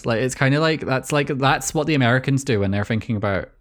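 A man's voice: medium pitch, brisk, few pauses. A man with a Scottish accent co-hosting a podcast, chatting casually and jokingly as he recaps a cartoon episode, swearing freely and laughing often. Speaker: podcast co-host.

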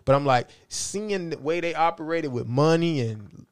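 Man, middle-aged, rambling storyteller, smooth resonant voice, dry close sound. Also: a little high, normal speed, no echo. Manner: rambling, repeats "you know what I'm saying". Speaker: interview guest. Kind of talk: casual storytelling.

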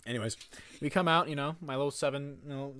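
Brief: male host, mid-pitched voice, loose rambling storyteller who curses a lot. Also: fast talker, sharp tone, dry recording. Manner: rambling, swears freely, repeats words. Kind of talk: casual storytelling among friends.

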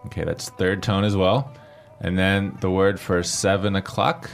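A man's voice: low voice, flat delivery, a little slow, gravelly, faint music behind. A man hosting a language lesson who patiently explains grammar and spells out pinyin letter by letter.

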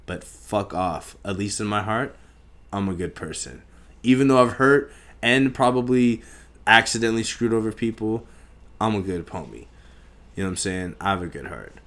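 Low-voiced profane young man storyteller. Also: normal speed. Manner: profane, animated storyteller acting out scenes. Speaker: podcast host. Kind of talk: casual storytelling.

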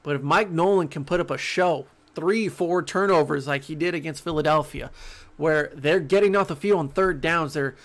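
Gravelly-voiced man rambling about football. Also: fairly high pitch, normal speed. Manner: animated, rambling, joking, frequent stammered restarts. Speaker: sports podcast host. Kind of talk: casual solo sports talk.

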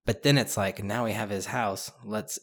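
A man's voice: lowish voice, normal speed. Rambling man in casual book chat. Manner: rambling, many restarts and "like"s, animated. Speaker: podcast co-host discussing a book.

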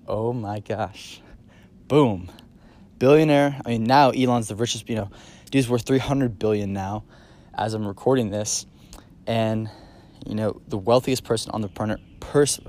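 A man's voice: lowish voice, darkish tone. Male podcast host, solo monologue; casual, filler-heavy, eager emphasis on key points. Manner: casual, rambling, many fillers and restarts.

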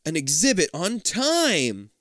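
A man voicing a mother who gushes over exhibits in a slow, drawn-out way. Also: high-pitched, huge pitch swings, fairly bright tone, no echo, studio quality, pitched above the performer's own voice, exaggerated voice. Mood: gushing. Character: gushing middle-aged mother, museum enthusiast.

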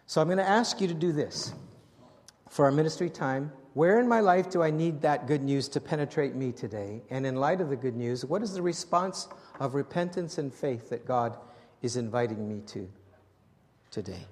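A man preaching a sermon as pastor, animated and swinging from loud appeals to hushed prayer, often restarting and repeating his words. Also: medium pitch, normal speed, in a large hall.

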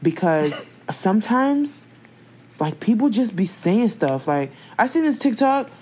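A young woman in casual chat, talking in an animated, slangy, expressive way. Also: mid-range voice, a little slow, breathy edge.

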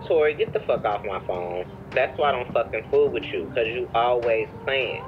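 A man's voice: mid-range voice, phone-quality sound, music in the background, natural voice. An actor playing a blunt, foul-mouthed young man who curses nonstop on a video call. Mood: annoyed. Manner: brash and profane, rapid cursing.

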